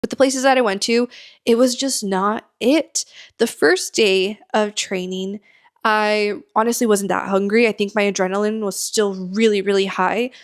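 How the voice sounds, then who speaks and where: A young American woman hosting her own podcast, chatting candidly about her travels and dropping in quick asides. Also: medium pitch, fairly even intonation. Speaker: podcast host. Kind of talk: casual solo storytelling.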